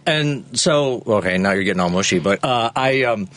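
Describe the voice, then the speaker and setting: A man's voice: lowish voice, lively intonation, moderate pace, a bit bright, no echo. A man, a radio show producer, telling a rambling on-air story with chuckles. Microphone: studio microphone.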